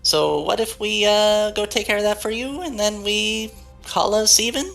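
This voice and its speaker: A woman's voice: mid-range voice, moderate pace, creaky, fairly bright tone, soft background music. A woman playing a tabletop game, speaking casually and hesitantly with many fillers. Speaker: player.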